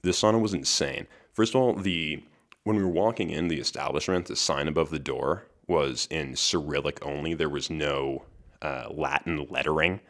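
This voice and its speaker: Very deep-voiced man telling a story. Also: moderate pace, fairly bright tone. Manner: chatty, laughs between lines, restarts words. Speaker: podcast host. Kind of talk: casual solo storytelling.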